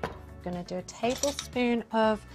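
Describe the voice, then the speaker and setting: A woman hosting a cooking show, chatting enthusiastically as she cooks and then asking quick-fire interview questions. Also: a little high, over music.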